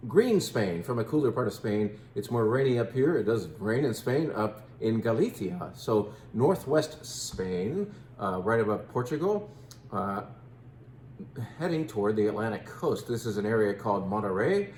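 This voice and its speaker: A man's voice: lowish voice, big pitch swings, a little slow, a little mellow, reverberant, a little hiss or hum. A man in his fifties hosting a casual wine tasting, chatting playfully and joking about how to pronounce names. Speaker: wine shop host.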